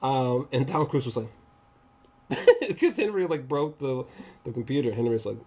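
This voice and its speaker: A man giving a casual, rambling movie review, excitable and slangy, often laughing. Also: medium pitch, measured pace, breathy edge.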